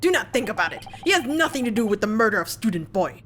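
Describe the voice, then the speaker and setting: A woman doing a gruff Russian ship guard. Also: on the high side, big pitch swings, fast talker, fairly bright tone, faint music behind. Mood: curt. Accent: put-on Russian. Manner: broken English, curt and dismissive. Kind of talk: reading game dialogue aloud.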